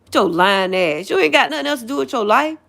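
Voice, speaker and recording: A woman's voice: on the high side, animated, fast talker, gravelly, a bit bright. Angry, profane woman ranting on stream. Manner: heated, profane, laughing scornfully. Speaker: livestreamer. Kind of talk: angry livestream rant.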